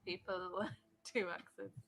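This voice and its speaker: A woman's voice: very high voice, sing-song, slow pace, gravelly, a bit bright. A woman with a Yorkshire accent, a guest in a casual chat, giggling and dropping in short asides.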